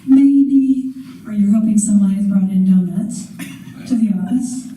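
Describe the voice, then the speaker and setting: A middle-aged woman, a career coach, giving an animated conference talk and acting out her inner voices. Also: medium pitch, measured pace, slight background noise. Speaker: career coach and motivational speaker. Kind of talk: conference talk to a live audience. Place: conference room. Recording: echoey hall, voice from a distance.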